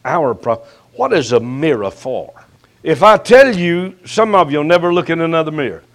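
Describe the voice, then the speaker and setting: An older man preaching a sermon as pastor, his voice rising sharply and then dropping to a hush, with folksy, teasing jabs at his listeners. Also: on the high side, big pitch swings. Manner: slow preaching with sharp rises and hushed drops.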